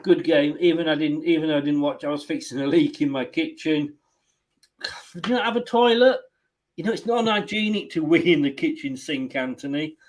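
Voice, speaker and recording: A man's voice: on the high side, brisk. A man hosting a football watchalong stream, chatting casually, teasing and laughing often. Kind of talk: casual chat.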